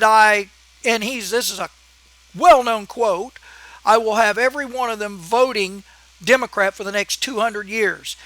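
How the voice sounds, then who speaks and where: High-voiced man ranting heatedly. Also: sharp tone, no echo. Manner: heated and emphatic, scolding. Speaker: channel host. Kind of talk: ranting political vlog monologue.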